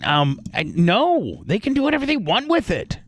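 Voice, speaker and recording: A man hosting a radio show in casual banter, halting and repeating himself, poking fun at himself, speaking into a studio microphone. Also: high voice, huge pitch swings, creaky, no echo. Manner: halting, repeats words, self-deprecating. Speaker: radio host.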